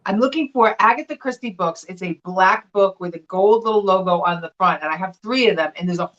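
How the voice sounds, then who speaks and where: A middle-aged woman chatting casually as co-host of a live vintage sale from a room at home, telling stories in an animated way. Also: medium pitch, fairly quick, lo-fi sound. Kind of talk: casual chat. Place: home room with window blinds.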